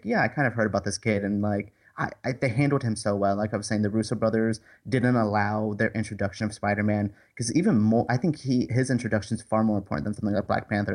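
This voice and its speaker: A man with a fairly low voice co-hosting a casual movie review podcast. He talks with hesitant enthusiasm, full of fillers and restarts, and keeps acting out little bits of dialogue. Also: darkish tone. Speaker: podcast co-host.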